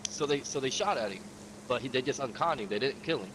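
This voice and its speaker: A man's voice: mid-range voice, expressive, quick pace, noisy background. A man casually recounting a game session, profane and streetwise, acting out the quotes of other players. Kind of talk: casual storytelling.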